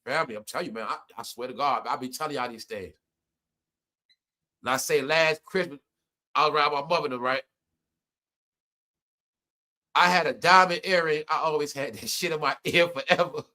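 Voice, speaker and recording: A middle-aged man telling personal stories to his viewers in casual chat, animated and laughing often, jumping from loud outbursts to low mutters. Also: a little fast. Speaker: live stream host.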